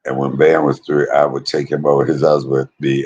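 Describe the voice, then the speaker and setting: A man, casually telling a personal story to his viewers, animated, laughing often and swearing freely. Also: rumbling low, brisk, slight background noise, rough recording.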